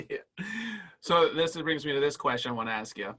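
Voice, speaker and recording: A man's voice: fairly high pitch, moderate pace, pushed and bright. A man hosting an interview, encouraging his guest and asking long, strung-together questions. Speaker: interview host.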